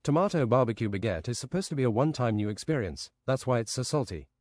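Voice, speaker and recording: A man's voice: mid-range voice, expressive, quick pace, a little mellow, dry recording, studio quality, close to an everyday voice. A man voicing a chain-smoking French assassin in an improvised spoken story, with a blunt, too-honest delivery.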